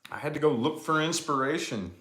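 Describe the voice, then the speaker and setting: A man's voice: a little high, lively intonation, a little fast, a bit bright, reverberant. A middle-aged man hosting a casual tarot livestream chat, laid-back and swearing freely, calling his viewers dude and y'all. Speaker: tarot channel host.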